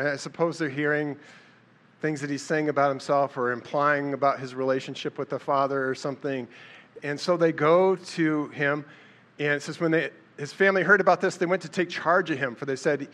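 A man delivers a casual sermon in a conversational, storytelling manner. His voice sits a little on the high side, and he slips into quick voiced-out lines for the people in his stories. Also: steady tone, a bit bright. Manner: conversational, storytelling, acts out quotes with a raised voice. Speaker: preacher.

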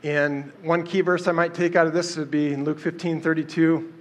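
Man with a slightly high voice teaching. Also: little pitch movement, moderate pace. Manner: conversational, many fillers and restarts. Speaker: Bible teacher. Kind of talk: casual Bible study talk.

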